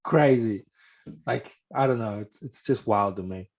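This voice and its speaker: A man hosting a casual interview, easygoing and quick to laugh. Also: fairly low pitch, darkish tone. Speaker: interview host. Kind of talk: casual chat.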